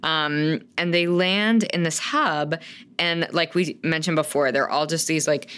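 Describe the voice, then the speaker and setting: A woman's voice: deep voice, unhurried, a bit bright, smooth. A woman in her thirties co-hosting a podcast, rambling and gushing in casual chat and swearing freely. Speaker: podcast co-host.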